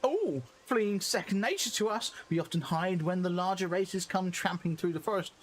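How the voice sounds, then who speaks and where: A man voicing a cheerful little male moogle, reading game dialogue aloud in a squeaky, bouncy voice. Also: lively intonation, moderate pace, slight background noise. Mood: chirpy.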